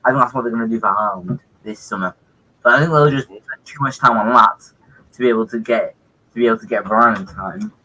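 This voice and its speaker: A man sits in as a guest on a football chat stream, his voice bright and sharp. He speaks haltingly, filling gaps with ums and throwing in jokes. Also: mid-range voice, poor audio. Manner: hesitant, joking, many ums. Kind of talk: casual football chat on a call.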